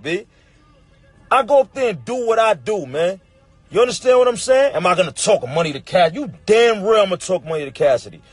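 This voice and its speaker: A young man ranting into his phone in an emphatic, repetitive, profane way, working himself up to loud outbursts. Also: high-pitched, slightly rough, no echo. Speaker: battle rapper on a livestream. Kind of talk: heated casual rant.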